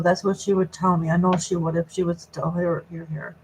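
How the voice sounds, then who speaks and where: A woman tarot reader on a live stream, talking softly and reflectively as she passes on messages from a spirit. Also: lowish voice, little pitch movement, a little fast. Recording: noisy recording with clicks.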